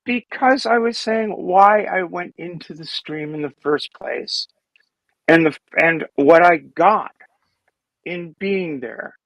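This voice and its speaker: A man with a gravelly, fry-laden voice that sits a little high, recorded close and dry. He argues his side in a heated online talk, stopping and restarting often. He sounds defensive as he pushes back. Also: slow, fairly bright tone, no room sound, rough recording. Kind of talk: heated discussion.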